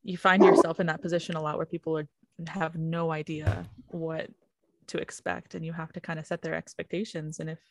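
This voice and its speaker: A woman's voice: deep voice, level tone, a little fast, gravelly, dry recording. A woman from North Carolina, chatting easily as a podcast guest and laughing often. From North Carolina, USA. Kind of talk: casual chat.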